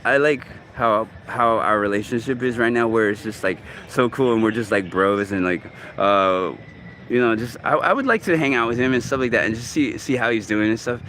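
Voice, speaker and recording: A man in his forties talks to his camera outdoors in a loose, halting ramble, often restarting his sentences. His voice sits mid-range, and faint city traffic hums behind him. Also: mid-range voice, a bit bright. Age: 40s. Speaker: vlogger. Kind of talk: casual talk to camera.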